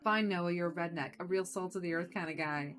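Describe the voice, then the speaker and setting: A woman voicing a small, energetic, rude male film director in a video game, talking brash, loud and condescending. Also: on the low side, fairly quick, faint music behind, close to an everyday voice.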